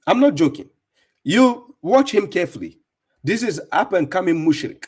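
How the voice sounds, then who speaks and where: A man's voice: high-pitched, big pitch swings, normal speed, a little mellow, breathy edge. A man hosting a live stream, commenting on clips and talking to viewers in a mocking, insistent way with lots of repetition. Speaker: livestream host reacting to clips.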